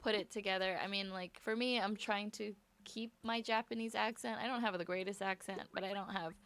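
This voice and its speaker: A woman's voice: medium pitch, fairly even intonation, a little fast, fairly bright tone, a little hiss or hum. Rambling young woman live-streaming. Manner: rambling, filler-heavy, frequent restarts; chatting to viewers while playing a game. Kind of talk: casual live-stream chat.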